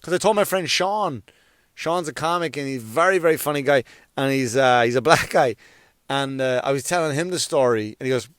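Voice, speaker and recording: A young man talks through his week on his own comedy podcast, swearing freely and circling back on his sentences. His voice is clean and resonant, recorded close with no room sound. Mid-pitched, casual and unpolished. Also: fairly quick, fairly bright tone, smooth, no echo. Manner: profane, rambling, with frequent restarts and filler. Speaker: stand-up comedian hosting a solo podcast. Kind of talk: casual rambling monologue. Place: around New York.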